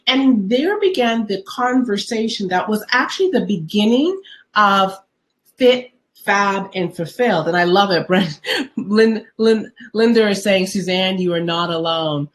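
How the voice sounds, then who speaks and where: Middle-aged lady on a live stream, earnest storytelling, reads out comments, mid pitch. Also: expressive, a little slow. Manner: earnest storytelling, reading viewer comments aloud. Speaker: wellness host. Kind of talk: live-streamed personal talk.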